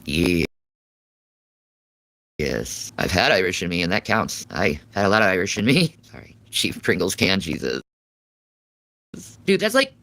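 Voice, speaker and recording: A woman's voice: extremely low pitch, fairly bright tone, no echo. A woman streaming live, reading and answering her chat in a crude, sarcastic, swearing way.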